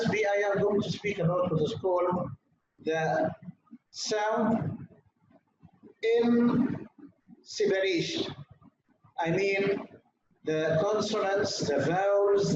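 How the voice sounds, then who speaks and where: Slow man lecturing in echoey room. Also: high voice. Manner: slow, deliberate, repeats key terms, asks "Okay?". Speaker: university lecturer. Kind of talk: introductory course lecture. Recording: distant, dull, noisy, very echoey room.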